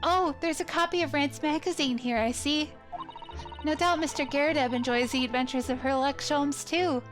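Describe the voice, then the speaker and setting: A woman reading as an earnest young male lawyer, polite, a bit high, game music behind. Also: moderate pace, close to an everyday voice. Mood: eager.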